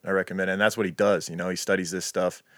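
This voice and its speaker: A man's voice: low-pitched, flat delivery, rapid-fire, fairly bright tone, dry recording, studio quality. A man in his thirties co-hosting a podcast, talking earnestly and emphatically with many restarts. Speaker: podcast co-host. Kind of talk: casual chat.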